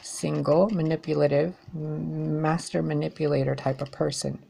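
Gravelly, blunt woman tarot reader. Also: low voice, little pitch movement, moderate pace, dark tone, a little hiss or hum. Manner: blunt, exasperated, swears freely. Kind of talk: blunt tarot reading monologue.

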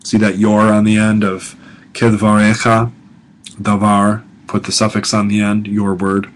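A middle-aged man lectures as a professor. He speaks slowly in a somewhat low voice, repeating each word and explaining it with deliberate care. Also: monotone, low-quality recording. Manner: slow, deliberate, repeats words and explains them. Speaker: professor teaching a language course. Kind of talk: recorded lecture.

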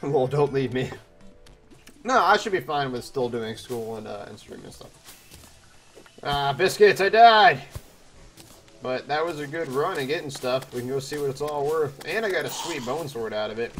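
A young man commentating a video game, excitable and chatty, yelping at danger and answering chat. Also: mid-range voice, normal speed, soft background music. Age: young adult. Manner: excitable, yelps and exclaims, chatty asides to chat. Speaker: let's play host. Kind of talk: gameplay commentary.

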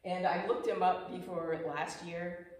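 A woman in her fifties tells a personal story to a small audience in a clubhouse room, chatty and emotional, slipping into the voices of the people she quotes. Her voice sits a little low. The mic is set back from her, so the room adds heavy echo and a faint hiss. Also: little pitch movement, unhurried, darkish tone. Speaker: speaker giving a presentation. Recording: echoey room, mic far off.

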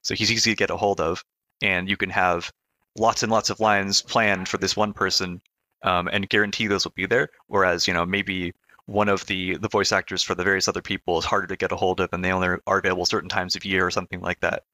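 A man talking as a game-developer guest on a podcast, in a relaxed, hesitant way and laughing often. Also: low-pitched, fast, dry recording. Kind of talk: casual podcast chat.

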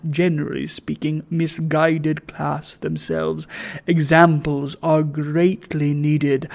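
A man voicing a pompous, self-righteous wealthy old gentleman in a storybook reading, speaking slowly and loftily. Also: a little high, creaky. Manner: slow, lofty, emphatic. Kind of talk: audiobook reading.

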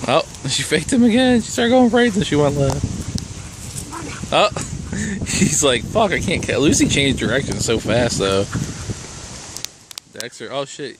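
A man's voice: fairly high pitch, big pitch swings, measured pace, pauses often, noisy background. A young man filming his dogs outdoors, cheering them on and laughing, with casual swearing. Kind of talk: casual commentary while filming pets.

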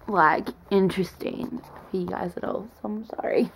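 Giggly young woman vlogging with a gravelly edge. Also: medium pitch, steady tone, measured pace, a little hiss or hum, low-quality recording. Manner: giggly, chatty, baby talk to her dog. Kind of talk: casual vlog chat. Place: walking outdoors on a street, later in bed at home.

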